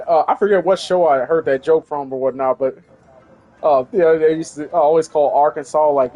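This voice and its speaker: A man's voice: fairly high pitch, steady tone, a little fast, warm tone, faint music behind. A man from Tennessee with a Southern US accent, chatting loosely and jokingly while streaming a game. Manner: rambling, jokey, many "uh" and "or whatnot". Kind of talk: casual let's-play chat.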